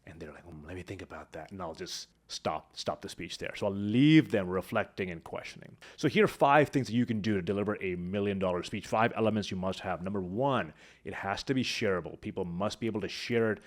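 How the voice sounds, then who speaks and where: Man, public speaking coach, lowish voice, animated, shifts from loud to hushed. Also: brisk. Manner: animated, swings between high and hushed energy. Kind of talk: instructional talk to camera.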